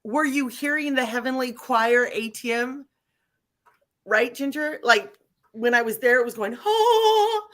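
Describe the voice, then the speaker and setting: A slightly high-voiced woman hosts a casual live chat. She tells her stories in a chatty, animated way. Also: measured pace. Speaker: livestream host.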